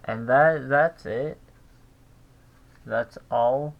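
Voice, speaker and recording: A man giving a casual recorded language lesson, thinking aloud with pauses and restarts. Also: medium pitch, gravelly, dull audio. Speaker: language teacher.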